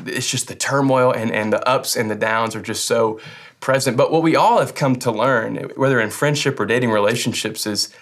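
A man's voice: medium pitch, fairly bright tone. A young man preaching a sermon in a casual, joking way, often restarting his phrases. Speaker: pastor.

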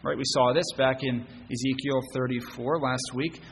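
A male pastor delivers a sermon in an earnest voice of middling pitch, often restarting phrases and putting rhetorical questions to his congregation. His voice carries a long reverb through the church, with a faint hiss of background noise underneath. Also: fairly even intonation, normal speed. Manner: earnest, repeats words while rephrasing, asks rhetorical questions. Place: church sanctuary.

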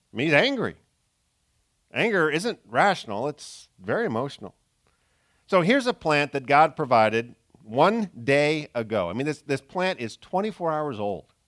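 A man preaching a sermon in an earnest way, moving between loud emphasis and soft, low asides. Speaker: pastor.

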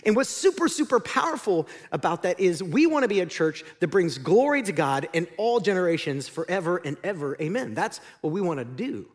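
A man's voice: high voice, sing-song, a little fast, hardly any pauses. A man preaching a sermon as the pastor, conversational and joking, speaking in a large church auditorium.

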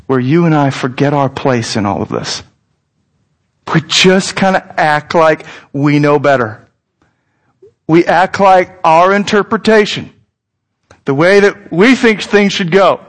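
A pastor in his thirties preaching a sermon, his voice sitting notably high for a man. He talks in a casual, earnest way and addresses his listeners directly. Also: a bit bright.

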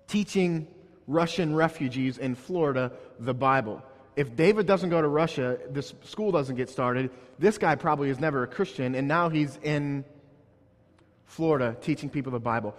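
A man's voice: mid-range voice, moderate pace, big-room sound. A man preaching a sermon, telling a story and building up to emphatic points. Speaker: pastor.

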